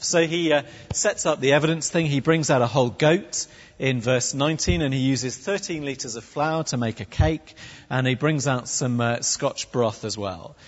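A man preaching a sermon with a wry, animated delivery and humorous asides. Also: on the high side, moderate pace. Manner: animated, wry, with comic put-on voices. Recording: dull recording in echoey hall.

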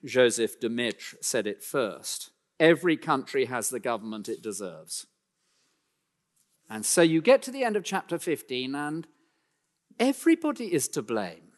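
A man preaching a sermon, speaking emphatically and slowing down to read scripture aloud, in a church. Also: mid-range voice, very animated. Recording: long hall reverb.

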